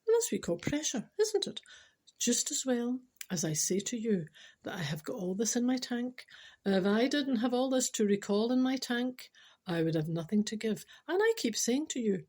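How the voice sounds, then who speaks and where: A woman's voice: a little high, sing-song, normal speed, a little mellow. A Scottish woman hosting a chatty podcast, teasing and speaking straight to her listeners, sometimes dropping to a whisper. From Scotland. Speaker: podcast host.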